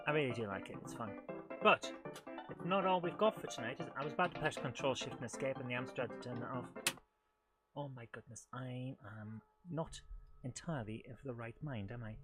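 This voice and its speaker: Over loud music, a British streamer with a mid-range voice talks fairly quickly while hosting live retro gameplay. Chatty and self-deprecating, he beeps like a car along with the game and grows excitable as he plays.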